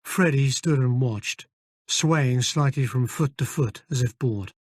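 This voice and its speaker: A man narrating a story in the first person, measured and even. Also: mid-range voice, dry recording. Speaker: audiobook narrator. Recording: dry close studio recording.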